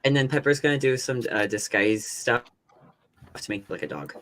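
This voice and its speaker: A man's voice: medium pitch, sing-song, normal speed, a bit bright, dry recording. A man playing a tabletop game, joking and chatting casually with the table. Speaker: player.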